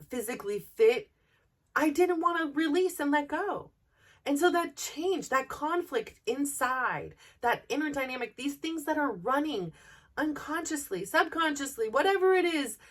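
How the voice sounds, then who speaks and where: A woman's voice: high voice, a bit bright, far from the mic. A woman hosting a podcast, talking candidly and earnestly to her listeners in a personal motivational monologue. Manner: earnest, open and personal, speaking directly to listeners. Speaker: podcast host.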